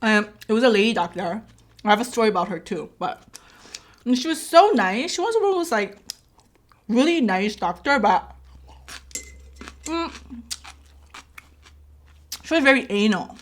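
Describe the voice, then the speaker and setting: A woman's voice: on the high side, big pitch swings, unhurried, pauses often. A woman, telling a rambling story casually to her viewers in a mukbang vlog, with many "like"s and "right?"s. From Korea. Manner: rambling, chatty, filled with "like" and "right?". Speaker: vlogger and mother.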